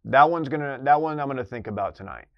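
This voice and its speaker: A man's voice: mid-range voice, lively intonation, fast talker, creaky, no room sound, muffled recording. A man competing in a comedic quiz, rambling through guesses with sarcastic asides. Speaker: quiz contestant. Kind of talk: casual comedic quiz banter.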